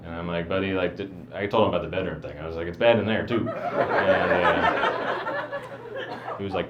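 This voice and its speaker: A man doing a stand-up set, mumbling in a flat deadpan. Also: low voice, fairly quick, roomy sound. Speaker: stand-up comedian. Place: comedy venue with a live audience. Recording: dull lo-fi live recording with crowd.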